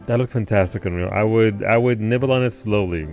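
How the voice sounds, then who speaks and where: A man's voice: fairly low pitch, a little fast, a little mellow, faint music behind. A man live-streaming who chats casually with his viewers, laid-back, greeting people by name and swearing now and then. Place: home basement.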